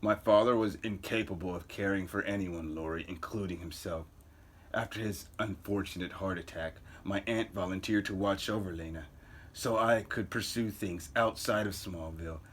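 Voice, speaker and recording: A man's voice: moderate pace, husky. A man voicing a scheming, condescending young male villain in a comic book reading. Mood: cold. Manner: low, quiet, condescending.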